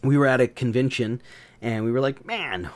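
A man's voice: medium pitch, flat delivery, a little fast. Crude, rambling male storyteller. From American South. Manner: crude, joking, rambling with fillers. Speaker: gaming channel host. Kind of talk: casual storytelling.

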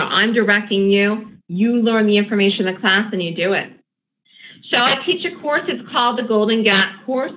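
A middle-aged woman teaching day trading in an online webinar, talking in a brisk, emphatic, repetitive coaching manner. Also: a little high. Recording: tinny phone-like line with faint noise.

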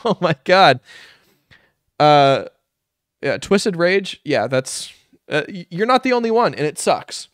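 A man's voice: high-pitched, wildly swooping pitch, takes it slowly, long pauses, a bit bright, dry recording, clean studio sound. A man live-streaming, reacting to a video with sarcastic, profane commentary, laughing often and reading chat aloud.

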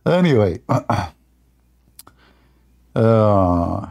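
A man's voice: fairly low pitch, very animated, very slow, gravelly, darkish tone. A man hosting a debate stream, talking in a casual, mocking monologue and wandering into rambling anecdotes, chuckling often. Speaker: debate show host.

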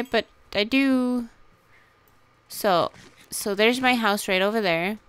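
Young woman, gaming host, unhurried delivery, clean smooth tone, chatty and giggly. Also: mid-range voice. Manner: chatty, talks to game animals, giggles. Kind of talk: casual gameplay commentary.

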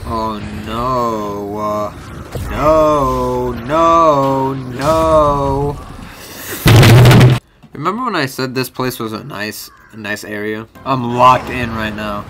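A young man giving let's-play commentary, excitable, swearing a lot and yelping and shouting when his character takes hits. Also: medium pitch, extremely slow, over loud music. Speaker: gaming YouTuber.

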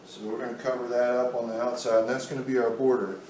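In a flat, quick, mid-range voice with a darkish tone, a man teaching art walks through his painting process step by step, easygoing as he keeps working. Faint noise, a far-off mic, and strong room echo mark the recording.

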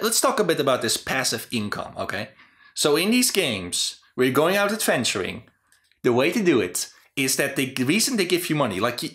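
A young man talks through game design in a loose, rambling chat, often cursing as his frustration builds. His voice sits at an ordinary middle pitch for a man. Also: a bit bright. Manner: rambling, profane, exasperated ranting. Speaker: host.

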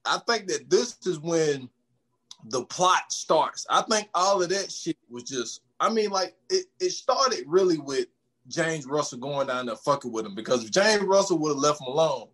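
A man's voice: a little high, moderate pace. A man co-hosting a podcast, casually recapping a movie scene by scene and acting out the lines with lots of laughter. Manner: animated storytelling, acts out scenes, laughs often. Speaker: podcast co-host.

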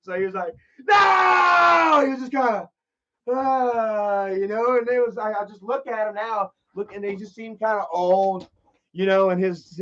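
Young dude chatting on his stream, high voice, kinda muffled lo-fi sound, rambles and cusses. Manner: rambling storyteller, swears freely, shouts when acting out a scene. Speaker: live stream host. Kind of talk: casual live stream chat, reading comments.

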